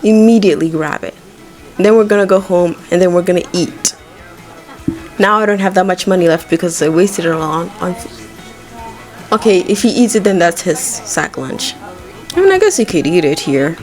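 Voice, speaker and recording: A woman's voice: on the low side, expressive, normal speed, darkish tone, faint music behind. Chatty woman narrating her gameplay. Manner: chatty, rambling, swears freely. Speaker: gaming video creator. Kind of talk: casual let's-play commentary.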